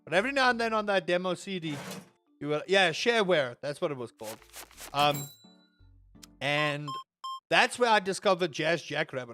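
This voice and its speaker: Man, 30s, high-pitched, rambling, grumbling asides, casual stream chat, faint music behind. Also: normal speed, pauses often. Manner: rambling, animated, lots of restarts and grumbling asides. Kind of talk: casual live-stream chat while playing.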